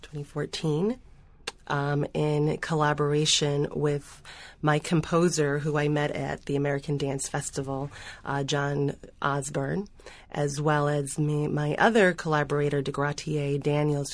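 A woman choreographer talking on a panel, halting, with repeated restarts. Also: low-pitched. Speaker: choreographer guest. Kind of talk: panel discussion.

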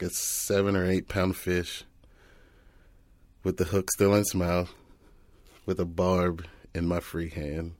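A man telling an animated, laugh-filled story as an interview guest, with frequent restarts. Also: low-pitched, no room sound. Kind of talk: casual storytelling.

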